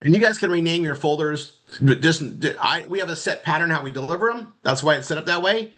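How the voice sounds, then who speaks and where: A man teaching marketing in a casual screen-share walkthrough, rambling and halting, often repeating words as he clicks around. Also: fairly high pitch, animated, a bit bright. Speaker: marketing instructor.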